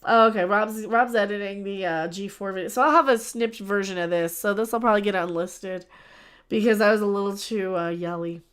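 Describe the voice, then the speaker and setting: A woman's voice: medium pitch, fairly quick, fairly bright tone, clear, resonant tone. A young woman hosting a casual livestream, rambling and chatty, often trailing off and restarting. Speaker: livestream host.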